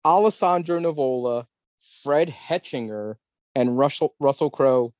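A man's voice: mid-range voice, a little slow, darkish tone, no room sound, muffled recording. A man co-hosting a podcast in casual chat, arguing his point and laughing often.

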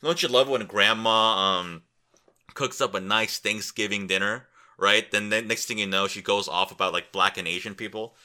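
A young man hosts a podcast alone, sounding tired and rambling as he cracks crude jokes and thinks aloud while looking things up. His voice is fairly low, bright, and forceful, at a normal speed.

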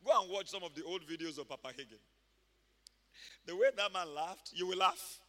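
A man preaching a sermon as a pastor, animated and emphatic, often shouting. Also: sits high, normal speed. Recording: reverberant church hall.

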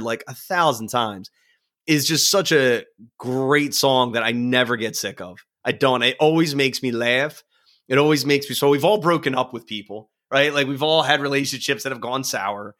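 A man guesting on a music podcast, talking in an animated, rambling way full of "like" and bursts of laughter. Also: mid-range voice, normal speed. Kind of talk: casual music podcast chat.

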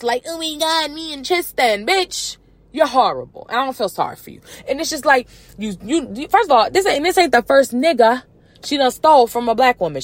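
A woman's voice: high-pitched, no room sound. A woman hosting a podcast, ranting about celebrity gossip in a brash, sassy, profane way, with mocking put-on voices. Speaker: podcast host.

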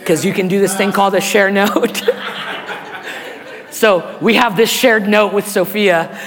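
A man preaching a sermon as pastor, hoarse and raspy, animated and calling on the congregation to respond. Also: high voice, unhurried, big-room sound, a crowd in the background.

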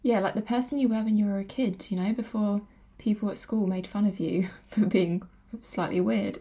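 Gravelly-voiced woman in casual chat. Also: mid-range voice, steady tone, fairly quick, dark tone. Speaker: podcast co-host.

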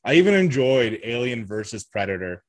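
A man's voice: medium pitch, big pitch swings, fairly quick, dry recording. A man co-hosting a podcast in casual chat, talking in a rambling way with lots of fillers and restarts. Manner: rambling, hesitant, many fillers.

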